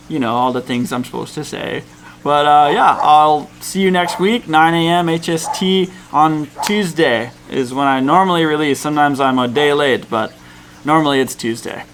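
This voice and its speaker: A man's voice: a little high, a bit bright, a little hiss or hum. A man vlogging about a canyoning trip, talking in a laid-back, rambling way with plenty of fillers. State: cold and tired. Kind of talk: casual vlog storytelling. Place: outdoors in a jungle canyon at dusk.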